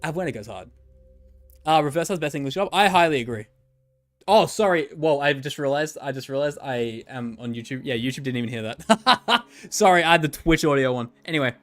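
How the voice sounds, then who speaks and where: Fairly quick and animated, a man streams about gacha games in a fairly high, somewhat bright voice with faint music in the background. His commentary is loose and rambling, packed with jokes and free swearing.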